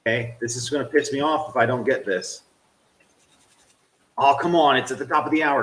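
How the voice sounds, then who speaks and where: A man streaming a game, swearing at it and swinging from low grumbling to loud yelling while he talks to his chat. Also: fairly even intonation, fast, echoey room, rough recording. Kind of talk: live game stream commentary.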